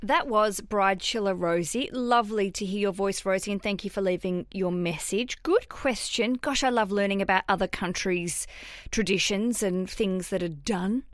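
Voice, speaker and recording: An Australian woman hosting a podcast, talking in an excitable, straight-talking way and swearing freely. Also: medium pitch, moderate pace, dry recording, studio quality. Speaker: podcast host. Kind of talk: casual solo podcast chat.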